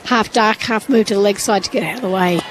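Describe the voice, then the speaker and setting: A woman's voice: mid-range voice, quick pace, noisy background. A woman giving thoughtful, analytical cricket commentary from a ground's commentary box.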